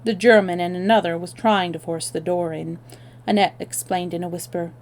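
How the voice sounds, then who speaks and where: A woman storyteller reading a novel aloud on a livestream, expressive, with small self-corrections. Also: lowish voice, moderate pace.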